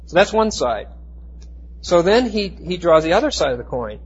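A man teaching a Bible class, explaining Greek words with emphatic, slowed stress and frequent restarts. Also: fairly high pitch, expressive, breathy edge. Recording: dull lo-fi recording.

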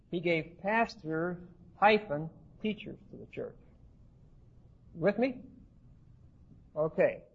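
A man's voice: high voice, gravelly, breathy edge, lo-fi sound. A man teaching a class on the Bible, often checking in with his listeners and restarting his phrases. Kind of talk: classroom lecture on scripture.

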